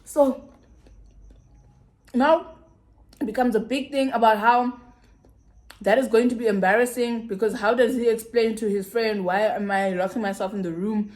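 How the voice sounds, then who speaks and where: A young South African woman in her twenties telling a personal story on her vlog, acting out both sides of the conversations and dropping to a low murmur at serious moments. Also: fairly even intonation, normal speed, long pauses, darkish tone. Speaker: YouTuber.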